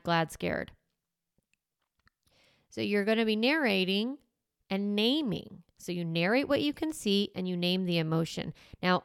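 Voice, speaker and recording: Give me a woman parenting coach with a slightly creaky voice, talking lively and casual, recorded dry. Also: medium pitch, no room sound. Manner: lively, conversational, repeats steps for emphasis. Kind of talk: podcast coaching talk.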